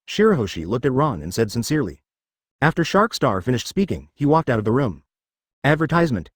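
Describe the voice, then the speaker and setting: A man's synthetic voice narrating a fan fiction story in a steady machine read. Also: mid-range voice, brisk, breathy edge, no echo, studio quality.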